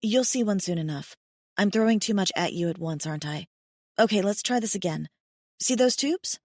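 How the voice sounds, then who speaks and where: A woman's voice: mid-range voice, lively intonation, moderate pace, no room sound, studio quality, lightly acted. A woman voicing a blunt, wry farm girl. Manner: frank, matter-of-fact, darkly joking. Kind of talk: audiobook character voice.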